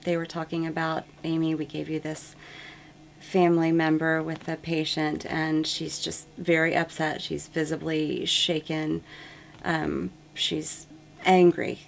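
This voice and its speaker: A woman's voice: low-pitched, a little hiss or hum. A woman nurse telling an earnest, reflective story about her work, with frequent ums. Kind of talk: testimonial interview.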